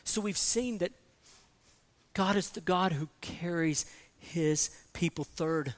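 A man with a notably high voice delivers a sermon on scripture. He leans on repetition, drops soft and low, then builds to loud, ringing emphasis. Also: takes it slowly. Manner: emphatic, repeats key phrases, swings from soft to loud. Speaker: preacher.

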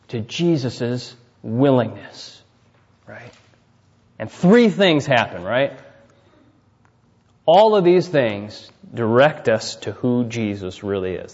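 A man preaching a sermon who keeps checking in with listeners with "right?" and swings from loud emphatic peaks to quiet dropped endings. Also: medium pitch. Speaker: pastor. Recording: dull, reverberant hall recording.

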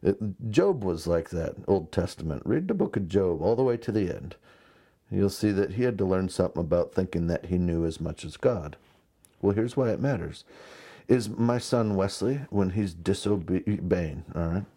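A man in his thirties delivers a sermon in a relaxed, conversational way, slipping into stories and asides. His voice sits on the low side and sounds warm and mellow. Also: moderate pace, husky. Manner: conversational, animated storytelling with asides. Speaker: pastor.

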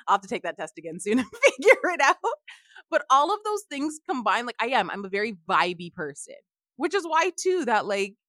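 A woman's voice: on the high side, sing-song, a little fast, a bit bright, no echo, clean studio sound. A young woman co-hosting a teacher podcast in casual chat, laughing often and saying "like" a lot.

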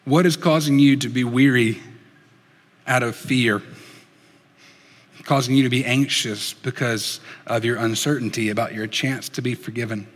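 A man preaching a sermon in an earnest storytelling way, dropping soft and slow for emphasis. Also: mid-range voice, steady tone, in a large hall. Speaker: pastor.

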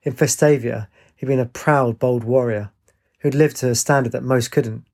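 A man narrating an audiobook in an even, measured way. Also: medium pitch.

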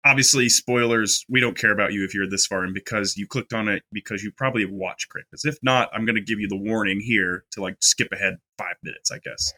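A man with a lowish voice that still has a bright, forward edge, talking in a loose, chatty way. He hosts a casual film podcast, recapping a movie with fillers and quick restarts. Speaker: podcast co-host.

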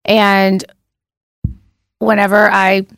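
A woman in her forties telling a wild story on a casual podcast, animated and laughing, swearing freely. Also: mid-range voice, drawn-out words, clear, resonant tone, dry recording, studio quality. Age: 40s. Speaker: podcast co-host.

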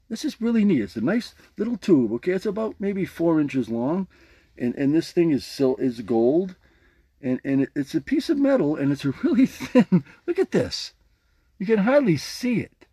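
A man's voice: a little high, dark tone, husky, no room sound. A man hosting his own podcast, talking casually and playfully while demonstrating a jaw harp with a motivational message. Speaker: podcast host. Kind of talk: casual motivational vlog talk.

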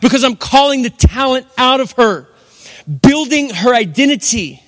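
A man's voice: very high voice, animated, moderate pace. A middle-aged man preaching a sermon as pastor, emphatic and repetitive, with rhetorical questions. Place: church hall. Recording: long hall reverb.

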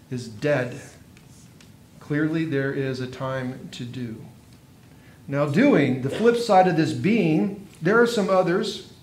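A man preaching a sermon, earnest, with dramatic pauses and swelling emphasis. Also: darkish tone. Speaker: pastor. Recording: echoey room with faint noise and rumble.

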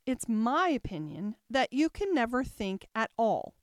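A woman's voice: fairly high pitch, sing-song, a little slow, no room sound, studio quality. A woman voicing a severe, condescending female rose flower in a storybook reading. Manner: prim, condescending.

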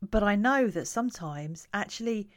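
A woman who coaches parents, talking to camera in a calm, reflective, conversational way. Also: medium pitch, moderate pace.

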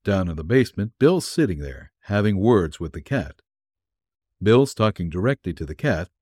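A man's voice: sits low, sing-song, normal speed, a little mellow, breathy edge, dry recording, clean studio sound. A man reading a vintage pulp story aloud in a wry, hard-boiled first-person manner. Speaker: narrator.

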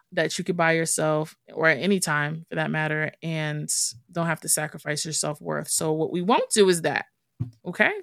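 A woman's voice: low-pitched, creaky, no echo, clean studio sound. A young adult woman hosting her own podcast, talking candidly and casually as if to a friend. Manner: chatty, candid, talks like to a friend. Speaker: podcast host. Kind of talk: casual solo podcast chat.

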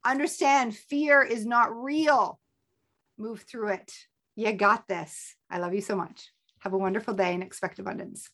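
A woman hosting a motivational talk as a coach, energetic and emphatic, with playful sound effects. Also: medium pitch, measured pace. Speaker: motivational coach and podcast host.

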